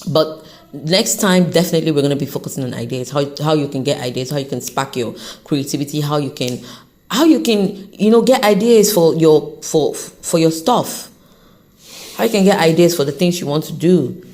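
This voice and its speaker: A woman hosting an unscripted motivational podcast, talking off the cuff in an encouraging, animated way, with an accent she says shifts as she goes. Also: low voice, normal speed. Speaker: podcast host.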